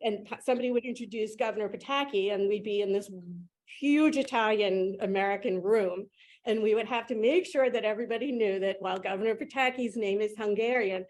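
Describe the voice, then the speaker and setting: A woman co-hosting an interview, enthusiastic and quick to laugh. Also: medium pitch, a little mellow. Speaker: co-host. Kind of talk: casual interview chat.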